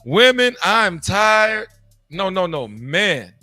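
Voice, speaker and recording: A man co-hosting a casual podcast chat, telling stories in an animated, slangy way. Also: sits high, slow, faint music behind. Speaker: podcast co-host.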